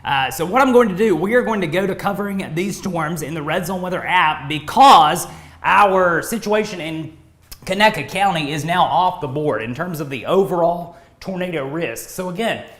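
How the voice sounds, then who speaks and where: Male meteorologist on live storm coverage, urgent and repetitive, voice tiring, slightly raised pitch, roomy echo. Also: animated, fairly quick, hardly any pauses, fairly bright tone. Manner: urgent, repeats warnings. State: voice tiring from talking all day. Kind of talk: live severe weather coverage.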